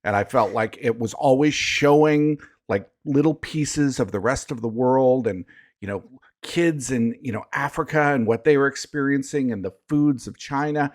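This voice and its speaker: A man co-hosting a podcast in casual chat, joking and quick to laugh. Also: medium pitch. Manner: animated, jokey, quick to laugh. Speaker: podcast co-host.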